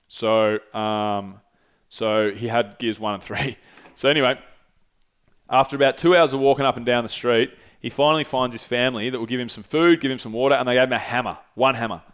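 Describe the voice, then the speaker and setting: A young man casually telling a travel story, laid-back and swearing freely as he acts out what people said. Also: medium pitch. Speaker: podcast host.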